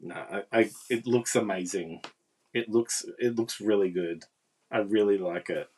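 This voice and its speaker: Very low-voiced woman demonstrating crafts. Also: unhurried, warm tone, breathy edge. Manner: chatty, talks with viewers. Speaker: papercraft demonstrator. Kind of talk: casual live craft demonstration.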